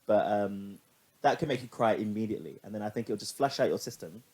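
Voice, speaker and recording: A man's voice: lowish voice, lively intonation, fast, darkish tone. A young man co-hosting a podcast, chatting casually and animatedly, laughing and swearing now and then. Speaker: podcast co-host. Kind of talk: casual chat.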